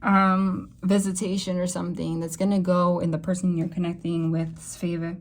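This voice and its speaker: A young adult woman giving a casual tarot reading to camera, rambling and emotional, with sudden excited jumps in her voice. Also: lowish voice, normal speed. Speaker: tarot reader.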